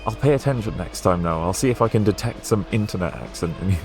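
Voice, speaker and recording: A young man with a posh British accent chats through a racing game stream. His voice sits fairly low, and his talk wanders, full of little fillers and restarts. Faint game music plays behind him. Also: expressive, quick pace. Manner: rambling, chatty, with frequent fillers and laughs. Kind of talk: casual gameplay stream chat.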